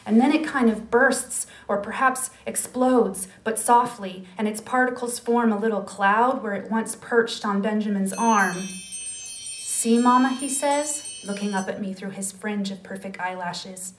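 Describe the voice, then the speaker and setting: A woman telling a personal story aloud, her delivery soft and lyrical. She lingers on images and speaks reflectively, in a middle-pitched voice. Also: unhurried, hardly any pauses, slight background noise, poor audio.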